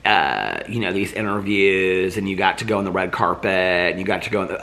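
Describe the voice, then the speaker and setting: Bright-voiced chatty man, gossipy and dramatic. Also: deep voice, animated, quick pace, hardly any pauses. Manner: chatty, dramatic, full of "like" and "okay". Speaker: TV commentary vlogger. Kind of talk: casual gossipy chat to camera.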